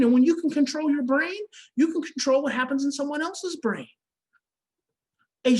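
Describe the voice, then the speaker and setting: A woman giving an impassioned parenting seminar, emphatic and repetitive like a preacher, swinging between shouting and hushed near-whispers. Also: sits high, poor audio. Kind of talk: impassioned online seminar talk.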